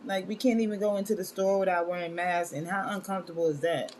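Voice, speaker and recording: A woman's voice: mid-range voice, steady tone, fast, hardly any pauses, a little mellow, a little hiss or hum. A woman hosting a wellness live stream in casual chat, scattered and talkative, calling her viewers y'all. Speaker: wellness show host.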